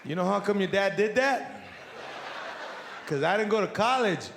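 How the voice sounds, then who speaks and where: A middle-aged man doing a profane, animated stand-up routine, with a high voice and plenty of gravel in it. His bright, edgy tone carries through a reverberant hall. Faint crowd murmur and room noise sit behind him. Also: normal speed. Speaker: stand-up comedian. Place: comedy stage before a live audience. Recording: echoey hall with audience.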